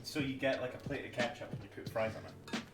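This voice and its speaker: A man's voice: medium pitch, fairly even intonation, quick pace. A man bantering with a friend, with dry, sarcastic teasing and nerdy tangents. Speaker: streamer's friend. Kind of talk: casual banter. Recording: echoey room, music behind. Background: music.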